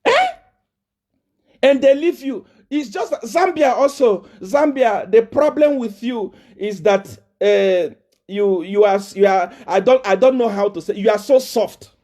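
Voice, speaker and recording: A Nigerian man with a Nigerian English accent speaks as a prophet in a live video address. He is confrontational and taunting, hammering home repeated rhetorical questions. His voice is high and warm, with wide, lively pitch swings, and he speaks a little slowly.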